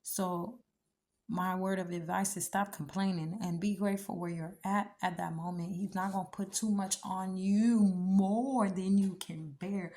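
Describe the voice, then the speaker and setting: A woman talks straight to her listeners about trust and faith, blunt and preachy with slangy asides. Her colors every line. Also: medium pitch. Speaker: speaker giving encouragement. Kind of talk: motivational faith talk.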